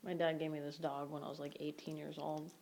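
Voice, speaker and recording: A young woman who seems short on sleep rambles through a casual vlog rant in an empty room of a house, scattering "like" and "you know" throughout. She sits low with a level, darkish tone and a fairly quick pace, and the audio is poor.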